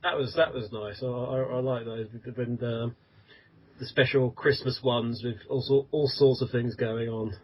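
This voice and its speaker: A man's voice: medium pitch, steady tone, unhurried. A man who founded a fan site, chatting hesitantly on a podcast with many restarts and ums. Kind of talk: casual podcast chat. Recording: dull lo-fi audio.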